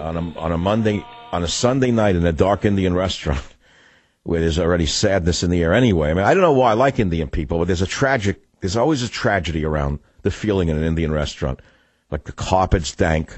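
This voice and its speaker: Low, husky New radio host. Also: male voice, no room sound. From New York. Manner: rambling, digressive, sardonic storytelling. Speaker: radio talk show host. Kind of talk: talk radio monologue.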